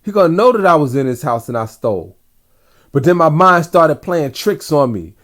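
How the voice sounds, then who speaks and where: A man recounts a dream in a loose, rambling way, speaking straight to his audience with plenty of slang. His voice sits a little higher than most men's. It sounds unscripted and personal, like a casual vlog. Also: animated, normal speed, a bit bright. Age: adult father. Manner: rambling, talks to viewers directly, slangy. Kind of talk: casual storytelling.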